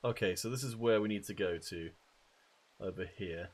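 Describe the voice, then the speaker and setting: A man's voice: sits low, normal speed, slight background noise. A man casually playing a video game, chatting and reading dialogue aloud. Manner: reads game dialogue aloud in put-on voices. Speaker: let's play host. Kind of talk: casual let's play commentary.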